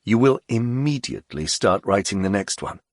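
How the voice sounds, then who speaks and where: A composed nobleman talks in a low-key, measured and reassuring manner, as a male narrator voices him. His voice is husky with a gravelly edge, recorded close in a dry room. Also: animated, no echo. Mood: calm, measured. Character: calm, composed nobleman, quietly persuasive.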